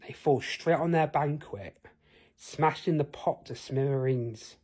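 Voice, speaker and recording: A man's voice: on the high side, unhurried, mellow, breathy edge. A man telling an improvised fantasy tale in a rambling way, asking the listener questions. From United Kingdom. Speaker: storyteller.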